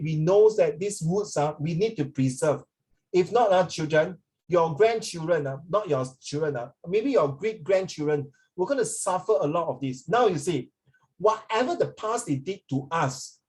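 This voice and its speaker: A man's voice: a little high, a little mellow. A man teaching an English class, rambling in a lecture, often checking in with students and slipping Mandarin phrases into his talk.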